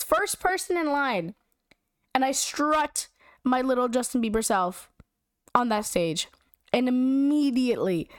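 A young woman with a fairly high voice tells a story in a casual, animated way, slangy and full of "like". Her voice sits close and dry, with no room sound around it. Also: no echo. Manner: animated, giggly, slangy, lots of "like".

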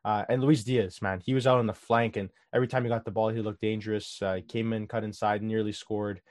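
A man co-hosting a casual football talk show, giving animated analysis with lots of "uh" and "um". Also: lowish voice, fast talker, dry recording, studio quality. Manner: animated, filler-heavy analysis. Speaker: co-host.

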